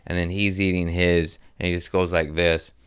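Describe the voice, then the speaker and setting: A man's voice: low-pitched, level tone, moderate pace, a bit bright, clear, resonant tone. A man, a stand-up comic hosting a podcast, telling stories in a casual, rambling way, laughing often and swearing freely. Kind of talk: casual storytelling chat.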